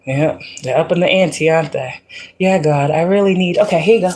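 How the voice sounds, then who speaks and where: Animated woman giving a spiritual pep talk. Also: sits low, a little fast. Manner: animated, repetitive, laughs often. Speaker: spiritual livestream host.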